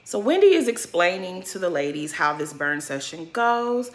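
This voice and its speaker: A woman's voice: on the low side, sing-song, normal speed. A woman giving casual, blunt commentary on a reality TV episode, talking straight to her viewers. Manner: sassy, blunt, addresses viewers as girl. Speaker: reality TV recap vlogger.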